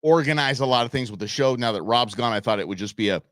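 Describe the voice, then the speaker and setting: A middle-aged man hosts a live outdoors show from his desk, telling stories in a loose, chatty way. He acts out what others said in quick bursts. His voice sits at an ordinary pitch, and the recording is dry and close, with no room echo. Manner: animated storyteller acting out quotes. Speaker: show host. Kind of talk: casual live-stream monologue. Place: home studio at a computer.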